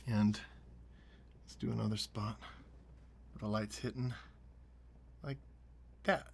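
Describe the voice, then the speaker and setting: A man hosting a relaxed painting tutorial, talking through each brushstroke and often sinking to a near whisper as he works. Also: on the low side, slow, vocal fry, slight background noise. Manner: soft-spoken, often dropping to a near whisper while working. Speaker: painting show host.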